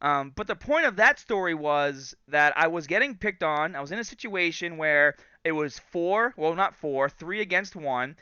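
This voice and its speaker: A man in his thirties hosting a podcast, telling a story casually and in an animated way, acting out the quotes. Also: a little high, normal speed, hardly any pauses, smooth, no echo, dull audio. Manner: animated storyteller, acts out quotes and laughs often. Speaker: podcast host.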